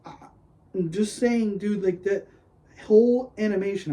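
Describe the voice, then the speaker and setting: A man hosting a casual solo podcast, rambling excitedly with lots of "like" and "dude", gushing one moment and griping the next. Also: high voice, a little slow, rough recording. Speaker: podcast host.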